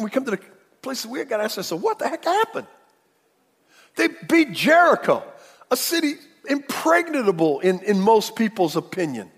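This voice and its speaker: A man delivers a sermon in a high, very lively voice. He acts out the quotes dramatically, swinging from loud outbursts to hushed asides. A long reverb trails each phrase in the hall. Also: breathy edge. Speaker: preacher.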